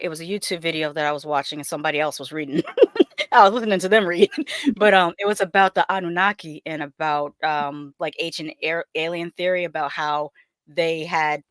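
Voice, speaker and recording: A woman's voice: sits low, a bit bright, dry recording, clean studio sound. A woman co-hosting a casual podcast chat, explaining ideas in a chatty way and laughing between points. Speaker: podcast co-host.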